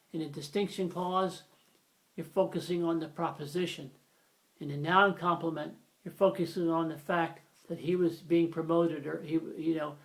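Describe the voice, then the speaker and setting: A man giving an informal, rambling grammar lesson, often correcting himself as he explains. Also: fairly high pitch. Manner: rambling, self-correcting, conversational. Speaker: grammar teacher.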